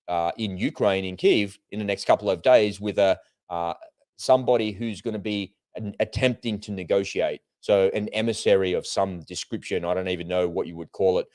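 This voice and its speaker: A low-pitched man talks through current affairs as co-host of a live show. He lays out his points step by step and breaks off into conversational asides. The recording is dry and close, with no room echo. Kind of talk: live political and market talk show. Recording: remote broadcast with slight delay.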